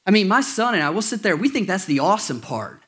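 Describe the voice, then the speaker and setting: A man with a fairly high voice preaches a sermon in a church. He talks to the congregation conversationally, mixing jokes and questions with scripture. His delivery feels informal and direct. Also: big pitch swings, fast, a bit bright. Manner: conversational, jokey asides to the congregation. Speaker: pastor. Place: church auditorium.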